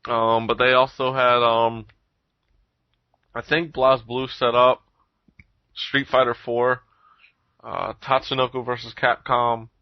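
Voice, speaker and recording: Male co-host, casual storyteller who swears and mimics others, mid-pitched, dry close mic, lo-fi sound. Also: slow pace, long pauses, no room sound. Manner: animated storytelling, swears a lot, acts out quotes. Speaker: podcast co-host. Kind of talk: casual chat. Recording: dull lo-fi recording.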